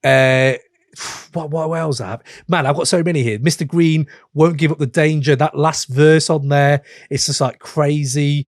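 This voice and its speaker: An enthusiastic man hosts a music podcast, heaping praise on his guest. His voice sits a little high and sounds dry and close on the mic. He speaks in a loose, casual way. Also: steady tone, normal speed, dry recording. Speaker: podcast host. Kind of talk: casual interview chat.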